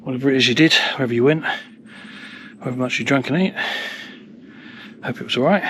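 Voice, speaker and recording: While wild camping on a snowy hillside, a man vlogs to the camera in a chatty, self-deprecating way, slightly out of breath from the climb. His voice is medium in pitch and fast, broken by long pauses, with background noise in the recording.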